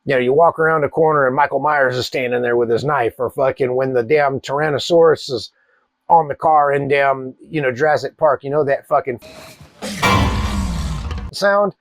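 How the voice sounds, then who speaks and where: A man, telling a wild personal story in a profane, animated way. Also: mid-range voice, normal speed, faint music behind. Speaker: cigar channel host. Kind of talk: casual storytelling.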